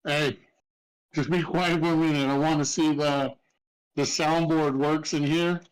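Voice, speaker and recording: An excitable man in casual chat with gaming friends, quick to laugh. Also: fairly high pitch, clean tone, poor audio.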